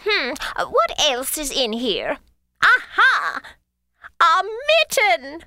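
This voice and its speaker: A dithering rabbit. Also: female voice, high voice, huge pitch swings, bright, forceful tone, a little hiss or hum, heavily acted. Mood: fretful. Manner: dithering, sighing, drawn-out exclamations. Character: flustered forgetful female rabbit, gentle and fretful. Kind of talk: children's educational audio story.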